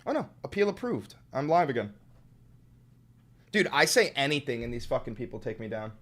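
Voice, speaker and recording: A man's voice: mid-range voice, very animated, fairly quick, a bit bright. A young man hosting a livestream, ranting with heated, profane political commentary. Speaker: livestream host. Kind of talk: live-streamed political commentary.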